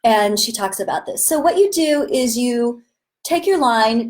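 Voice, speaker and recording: A woman's voice: a little high, normal speed, a little mellow. A woman acting teacher giving an enthusiastic, chatty live-streamed lesson with a webcam-style mic. She talks in a casual way and breaks into sudden bursts when she demonstrates. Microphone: webcam or phone on a live stream.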